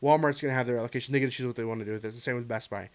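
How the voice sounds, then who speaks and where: A man's voice: medium pitch, steady tone, rapid-fire. A man, a gaming commentator ranting to camera in a frustrated, earnest and pleading way. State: choked up near the end. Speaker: gaming YouTuber.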